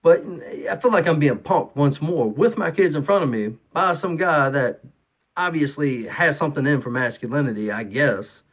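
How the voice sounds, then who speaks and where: A man's voice: fairly high pitch, expressive, normal speed. A man in his thirties, a father of three, talking casually and rambling through an opinion monologue, full of fillers and restarts.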